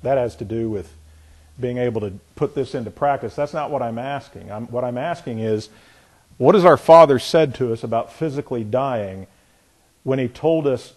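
A man preaching a sermon, questioning the congregation and reading scripture aloud, building from soft to emphatic. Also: medium pitch, normal speed. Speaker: pastor.

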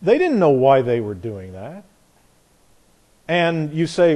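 A man's voice: on the high side, huge pitch swings, slow pace, pauses often, a little mellow. Earnest man teaching a Bible class. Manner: conversational, earnest, with frequent restarts.

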